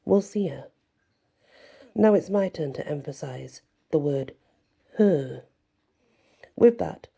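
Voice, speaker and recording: Soft breathy lady reading a bedtime-style story, low dark voice, calm and even. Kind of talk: soft ASMR story narration.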